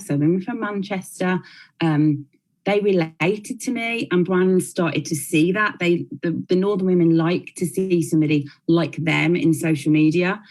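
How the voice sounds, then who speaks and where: A woman's voice: lowish voice, darkish tone, rough recording. A woman in her thirties from Birmingham with a Brummie accent, giving a chatty panel talk full of likes and restarts. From Birmingham, England. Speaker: blogger and panel speaker.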